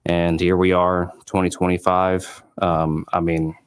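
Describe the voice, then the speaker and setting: A man in his late twenties, a company founder, telling his story in an interview with lively quoted dialogue and many fillers. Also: low voice, measured pace, smooth.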